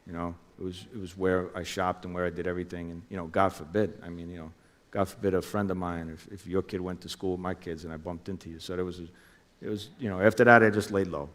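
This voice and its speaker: Middle-aged man, low voice, animated storyteller who acts out quotes, interview guest. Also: fast, long reverb tail. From New Jersey. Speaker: former undercover officer.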